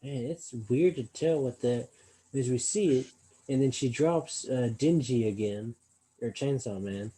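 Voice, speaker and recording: Husky, dark-voiced man puzzling aloud. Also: medium pitch, a little slow, poor audio. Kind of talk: casual chat.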